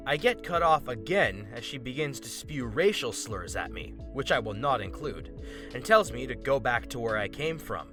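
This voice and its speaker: Animated man reading a story aloud. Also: mid-range voice, normal speed, over music. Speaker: story narrator.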